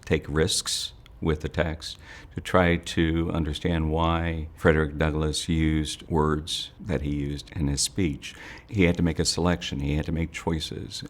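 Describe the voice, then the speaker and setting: A male teacher speaking in a reflective interview, his voice extremely deep. He talks in a flat, even, measured way as he explains what his students did.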